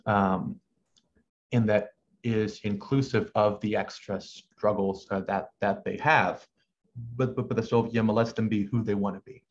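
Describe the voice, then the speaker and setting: Young man who stutters, low flat voice. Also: unhurried. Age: young adult. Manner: stutters, repeats sounds, thoughtful. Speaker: medical student guest. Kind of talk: conversational interview. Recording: muffled lo-fi call with faint noise.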